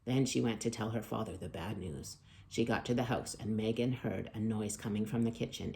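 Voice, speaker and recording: A woman hosting children's storytime, reading a picture book aloud with expressive loud calls and hushed asides. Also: very deep voice, fairly quick, creaky.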